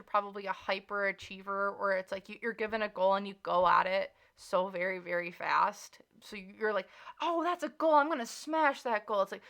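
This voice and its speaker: Her mid-range voice has a bright, forceful tone as she gives a relaxed tarot reading. She's chatty and emphatic, reassuring the listener earnestly and saying "like" again and again.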